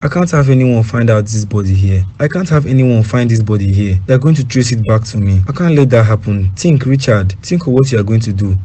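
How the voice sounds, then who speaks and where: A man with a Nigerian accent voicing a violent, jealous boyfriend in a cartoon drama, with a husky voice. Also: mid-range voice, expressive, fairly quick, few pauses, warm tone, natural voice. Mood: panicked.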